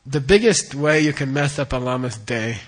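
A middle-aged man gives a dharma teaching in a relaxed, explanatory way. He repeats key words and keeps checking that listeners follow. His voice sits at an average pitch for a man. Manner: explains terms slowly, repeats words, asks "okay?". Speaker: Buddhist teacher.

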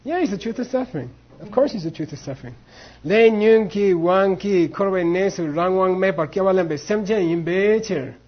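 A husky, high-pitched man leads a class, acting out both sides of a debate and dropping in Tibetan phrases. The recording sounds dull and lo-fi. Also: normal speed, few pauses. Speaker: Buddhist philosophy teacher. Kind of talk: teaching a class on monastic debate.

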